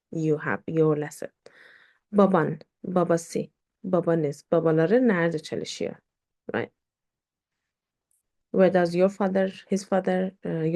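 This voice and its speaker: Slow, gravelly-voiced woman teaching. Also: lowish voice, darkish tone. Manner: slow, hesitant explaining with many fillers. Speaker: Turkish teacher. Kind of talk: online language lesson.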